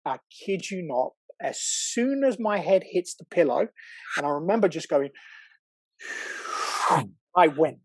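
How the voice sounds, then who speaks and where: A man, a podcast guest telling a personal story in casual chat, animated, swearing now and then and acting out what people said. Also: fairly high pitch, moderate pace, slightly rough, no echo. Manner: animated, excitable, swears, acts out quotes.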